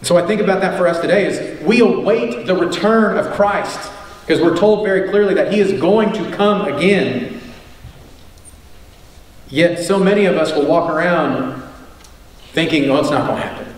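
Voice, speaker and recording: A preacher and teacher with a high male voice gives a sermon at normal speed, leaving long pauses. He stresses his points, repeats key lines, and uses rhetorical questions. Recorded far from the mic in an echoey church sanctuary with faint noise.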